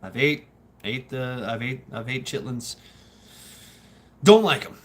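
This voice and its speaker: A man's voice: medium pitch, slow, a little hiss or hum. A Southern man hosting a livestream, talking casually in a rambling, profane way with lots of laughter. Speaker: livestream host.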